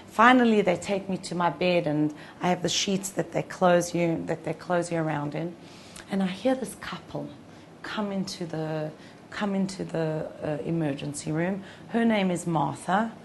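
A woman's voice: medium pitch, a little hiss or hum. A woman teaching Torah to a group, telling a personal story in a conversational way with frequent restarts.

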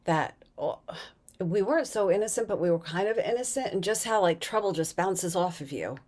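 A woman's voice: fairly low pitch, lively intonation, normal speed, darkish tone. Chatty middle-aged woman trading anecdotes. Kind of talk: casual chat.

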